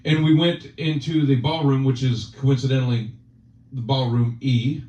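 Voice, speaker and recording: A man's voice: medium pitch, fairly even intonation, moderate pace, mellow. A man hosting a casual chat, teasing his guest in joking banter. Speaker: channel host. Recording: roomy, distant, dull sound.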